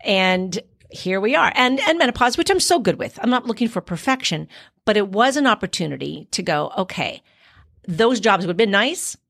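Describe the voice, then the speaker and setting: A woman's voice: medium pitch, normal speed, vocal fry. A middle-aged woman from Canada, an actor, chatting casually on a podcast and acting out the things she says to herself as she tells a story. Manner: animated storyteller, acts out quoted inner dialogue.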